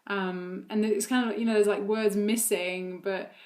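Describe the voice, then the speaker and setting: A woman's voice: mid-range voice, steady tone, measured pace, darkish tone. Chatty mother vlogging with many ums. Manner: chatty, many fillers, laughs often. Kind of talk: casual chat about her toddler.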